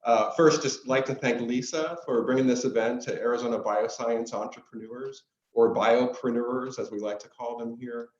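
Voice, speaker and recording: Man, foundation executive, polite and brisk, roomy muffled sound. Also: mid-range voice, fairly even intonation. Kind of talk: conference welcome speech.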